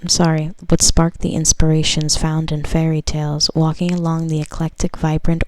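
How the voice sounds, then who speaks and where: A woman's voice: low voice, creaky, a little mellow, dry recording, low-quality recording. A woman doing a casual pick-a-card tarot reading, reading card text aloud and chatting about it in a loose, filler-heavy way. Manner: chatty, lots of fillers, reads cards aloud then riffs.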